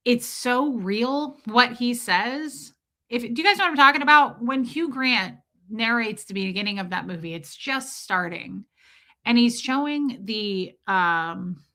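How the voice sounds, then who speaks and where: A young adult woman hosting a livestream, chatting casually with viewers in a rambling, animated way, her voice a little worn from screaming. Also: medium pitch. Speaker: livestream host.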